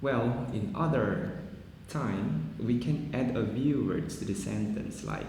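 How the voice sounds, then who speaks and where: Slow non-native male English lecturer, mellow tone, big reverberant room with faint hiss. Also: medium pitch, creaky. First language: Indonesian. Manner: slow, deliberate explaining with "well, everyone" and "yeah" asides. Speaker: university pronunciation lecturer. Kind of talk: recorded classroom lecture. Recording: echoey long-reverb room, faint noise.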